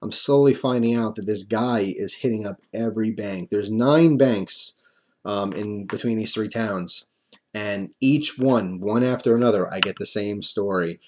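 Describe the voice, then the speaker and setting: A man's voice: fairly low pitch, measured pace, darkish tone. Chatty, rambling man telling a story. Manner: rambling, chatty, many fillers and restarts; wry self-mocking humor. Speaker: coin-collecting vlogger. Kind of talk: casual storytime monologue.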